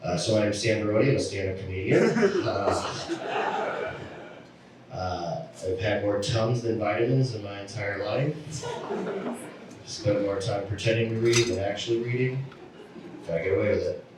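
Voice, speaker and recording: A man doing a stand-up set, telling stories in a deadpan way and acting out the people in them. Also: fairly low pitch, unhurried, long pauses, noisy background. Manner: deadpan storytelling with acted-out voices. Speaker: stand-up comedian. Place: comedy venue. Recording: echoey room from a distant mic.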